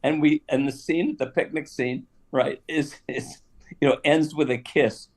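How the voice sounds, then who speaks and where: An older man telling a story casually on a live stream, animated, with laughs and asides. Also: a little high, measured pace. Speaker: guest actor telling stories.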